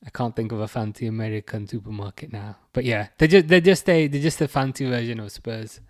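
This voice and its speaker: A man's voice: medium pitch, fairly quick, dry recording, clean studio sound. A young man hosting a football watch-along livestream, rambling and mocking as he reads out viewer comments. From England. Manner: rambling, chatty and mocking, with many fillers and restarts. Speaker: livestream host. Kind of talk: casual live-stream chat, reading viewer comments.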